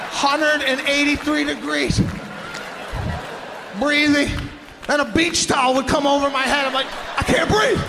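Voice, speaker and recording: High-pitched, exasperated stand-up comedian. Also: male voice, creaky, noisy background. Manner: animated, exasperated storytelling with shouted punchlines. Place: large live comedy venue. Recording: live stage with hall echo and crowd.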